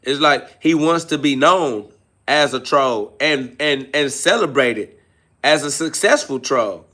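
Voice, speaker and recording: A man's voice: medium pitch, animated, takes it slowly, pushed and bright. A man hosting a live self-talk podcast, preaching and mocking a troll in heavy slang. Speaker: podcast host.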